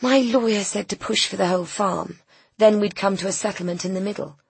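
A woman voicing a pampered, spoiled young woman in an audiobook, breathy and pouty. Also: medium pitch, brisk, no echo, pitched above the performer's own voice. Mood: petulant. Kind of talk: audiobook character voice.

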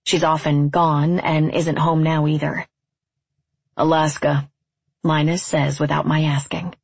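Low gravelly woman reading a story. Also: little pitch movement, unhurried, no room sound, lo-fi sound. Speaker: narrator. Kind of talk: first-person story reading.

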